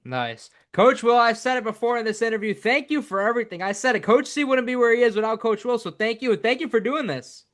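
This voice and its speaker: A male podcast host with a high, light voice who talks fast. He asks his questions briskly and drops short "nice" and "yeah" responses while the guest talks. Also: expressive, a bit bright. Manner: brief affirmations, quick questions. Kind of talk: interview questions.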